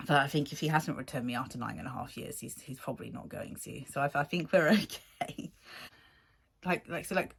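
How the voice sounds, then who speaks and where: Woman, 40s, low pitch; casual vlogger telling a story, animated and rambling. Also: breathy edge. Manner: rambling, animated, laughs often, acts out quotes.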